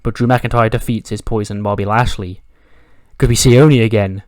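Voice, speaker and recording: A man's voice: fairly low pitch, fairly quick, dry recording. Casual man narrating a playthrough. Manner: animated, acts out the wrestlers' dialogue, swears freely. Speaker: gaming commentator.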